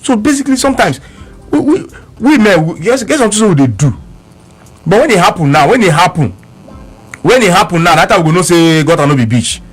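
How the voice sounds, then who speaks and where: A man's voice: high-pitched, big pitch swings, a little fast, husky, faint music behind. A man speaking with a Nigerian Pidgin accent, telling a story on radio with emphatic repeats and quoted back-and-forth. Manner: emphatic, repeats words, quotes both sides of an argument.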